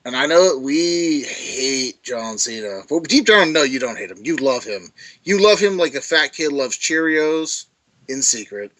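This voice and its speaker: A man co-hosting a podcast in casual chat, blunt, sarcastic and quick to swear. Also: medium pitch, lively intonation, a bit bright. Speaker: podcast co-host.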